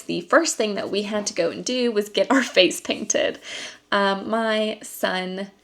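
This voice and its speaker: A woman vlogging casually to camera about a festival trip with her son, telling it in a chatty, rambling way with many ums and likes and a few laughs. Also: medium pitch. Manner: lively storytelling with laughs. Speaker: vlogger and costume maker.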